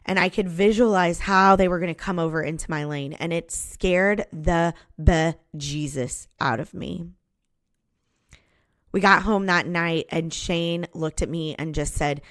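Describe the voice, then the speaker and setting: A woman's voice: fairly low pitch, animated, normal speed, no echo, clean studio sound. A woman, a podcast host candidly telling her own story, with a few restarts. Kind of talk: personal storytelling.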